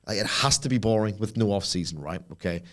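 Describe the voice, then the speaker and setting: A man co-hosting a podcast in casual chat, opinionated and quick to jump into animated asides. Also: fairly low pitch. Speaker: podcast co-host.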